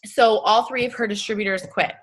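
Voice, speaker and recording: A woman's voice: medium pitch, fairly even intonation, a little fast. A woman giving a casual, blunt motivational talk to her sales team, chatty and full of slang, acting out little scenes in quoted voices. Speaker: network marketing team leader.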